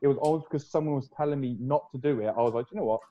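A young man talks in a loose, rambling way and swears freely. His voice sits at an ordinary middle pitch. The call audio is dull and lo-fi. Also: steady tone, racing, mellow. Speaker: podcast host, fitness coach. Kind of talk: casual podcast chat. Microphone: video call.

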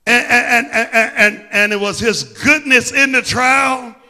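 His sermon moves at a measured pace as this pastor, a man with a Midwestern American accent, alternates between soft, intimate asides and full-voiced shouts. His high, sharply bright voice fills the church sanctuary, trailing long reverb, and he preaches with fervor.

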